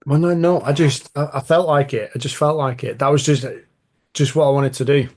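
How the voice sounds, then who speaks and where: A man's voice: mid-range voice, fairly even intonation, fairly quick, darkish tone. Chatty male podcast host. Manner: chatty, rambling storyteller. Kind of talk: casual podcast chat.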